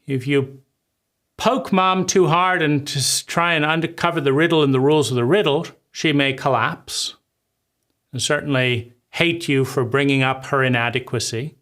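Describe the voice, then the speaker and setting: A man's voice: on the high side, fairly even intonation, moderate pace, fairly bright tone. A man giving an impassioned lecture on trauma, emphatic and sweeping, piling phrase on phrase. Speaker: trauma speaker.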